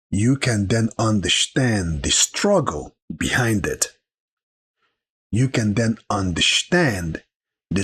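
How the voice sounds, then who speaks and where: Male vlogger, husky and unhurried, earnest and preachy motivational tone. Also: on the low side. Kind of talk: motivational talk to camera.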